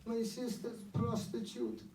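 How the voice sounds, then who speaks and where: A man's voice: extremely high pitch, little pitch movement, a little mellow, slight background noise, voice pushed up. A man doing an upset Ukrainian shop girl. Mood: distressed. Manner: halting, broken phrasing. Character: upset young Ukrainian shop worker woman. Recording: echoey club from far off.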